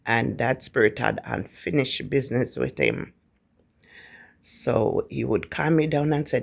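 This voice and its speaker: A man with a Jamaican accent telling a ghost story in a casual, animated way, often repeating words. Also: medium pitch, unhurried, gravelly.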